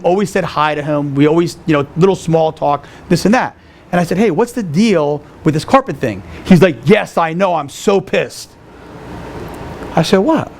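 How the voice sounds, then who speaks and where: A man with a voice a little higher than most tells a personal story in a relaxed, chatty way. He acts out the conversations and keeps checking in with "right?" A faint background noise sits under the recording. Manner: animated, acts out dialogue with fillers like "right?". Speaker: speaker telling a personal story. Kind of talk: casual storytelling talk.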